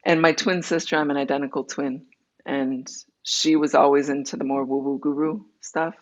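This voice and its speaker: Her voice low-pitched and steady in tone, this woman speaks as an interview guest, recounting her own story with candor. She moves in quick runs and acts out the dialogue, and the recording has its highs cut off.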